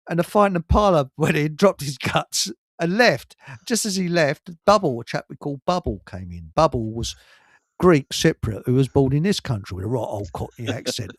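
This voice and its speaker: Chuckling, rambling man host, higher voice. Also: expressive, normal speed, no echo, studio quality. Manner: rambling, laughs often at his own stories. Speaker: host of a live stream show. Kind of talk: casual chat, anecdotes.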